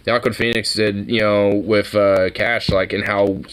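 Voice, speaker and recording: A man's voice: lowish voice, flat delivery, a little slow, a bit bright, clear, resonant tone, rough recording. A man chatting casually while reacting to a trailer, rambling with frequent fillers and giggles.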